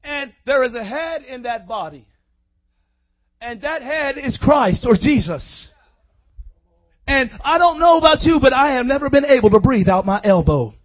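A man with a very high, light voice preaches a sermon with fervent, rhythmic call-and-response energy. The recording sounds dull and lo-fi, with the top end rolled off. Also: animated, normal speed.

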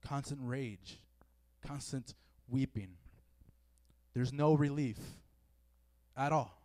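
Taking it slowly, a mellow, medium-pitched man preaches casually to young people in a meeting room with a live audience, recorded dry. His talk is conversational and packed with fillers, and he performs the emotions he quotes.

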